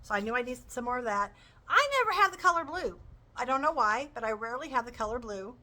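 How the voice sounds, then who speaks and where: Lady gushing away in a casual vlog, crisp bright tone, a little high. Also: expressive, fast, low-quality recording. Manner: gushing, chatty and enthusiastic. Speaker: crochet vlogger. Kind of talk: casual show-and-tell chat.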